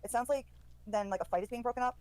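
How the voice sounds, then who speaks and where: A woman retelling events line by line in a brisk play-by-play way. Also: a little high, a little mellow, poor audio. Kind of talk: recounting audio heard.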